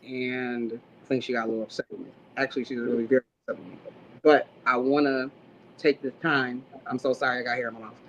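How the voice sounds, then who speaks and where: A woman's voice: extremely low pitch, little pitch movement, racing, hardly any pauses, dull audio, a little hiss or hum. A woman on a livestream talk show, giving blunt, profane advice in a preachy way.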